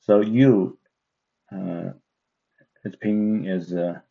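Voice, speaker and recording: A man gives a slow, careful language lesson, often pausing on filler sounds. His voice is low and mellow. The recording is dull and lo-fi. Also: fairly even intonation, creaky, slightly rough. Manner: hesitant, many filler sounds. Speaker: Chinese language teacher.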